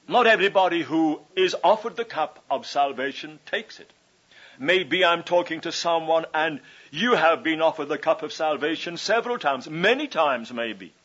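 A man's voice: sits high, a bit bright. A man preaching a sermon, earnestly pleading with his listeners and repeating phrases for emphasis. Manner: earnest, pleading evangelistic appeal. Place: conference hall. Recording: dull lo-fi 1981 conference tape.

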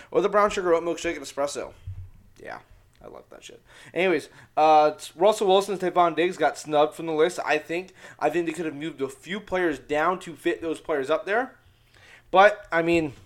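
A young man with a fairly high voice hosts his sports podcast in a loose, rambling way. He gets loud and excitable and swears all the time. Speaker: podcast host. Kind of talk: casual sports podcast chat.

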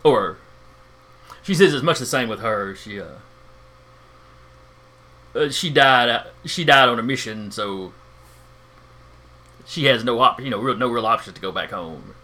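Bright-voiced male game master. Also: mid-range voice, lively intonation, measured pace, long pauses. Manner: hesitant, full of fillers. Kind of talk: narrating a tabletop game.

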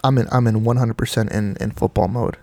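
A man's voice: mid-range voice, steady tone, brisk, gravelly, dark tone, no room sound. A man co-hosting a casual podcast, rambling with lots of "you know" and "like". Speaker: podcast co-host. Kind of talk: casual chat.

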